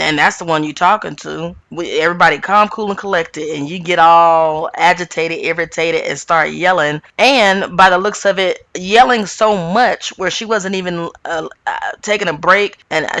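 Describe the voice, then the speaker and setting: A woman host giving a casual, opinionated recap of a reality show, animated and ranting, with sudden jumps up in pitch. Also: dry recording.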